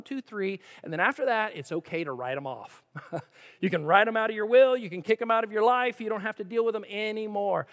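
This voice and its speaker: Lively preacher in a reverberant hall. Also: medium pitch. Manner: animated, acts out quoted voices and asks rhetorical questions. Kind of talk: sermon with scripture reading.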